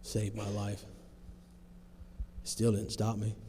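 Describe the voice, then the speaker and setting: Man in his thirties, plain-spoken testimony, mellow dark voice, long hall echo. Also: on the low side, completely flat delivery, slow. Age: 30s. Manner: plain-spoken, earnest storytelling with folksy phrasing. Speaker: testimony speaker. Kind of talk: personal testimony to a recovery group. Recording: long hall reverb, faint noise.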